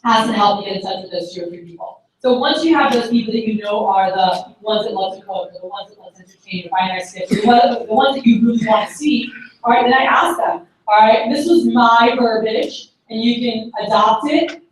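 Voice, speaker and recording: A woman's voice: on the high side, brisk. A woman giving a chatty sales-training talk at a conference, full of "like" and "you know". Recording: very echoey, far from the mic, faint room noise.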